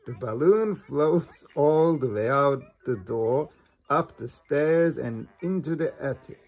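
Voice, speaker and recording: A children's storybook read aloud slowly and evenly. The voice is gravelly and breathy, with a relaxed, unhurried delivery. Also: medium pitch. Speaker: storybook reader.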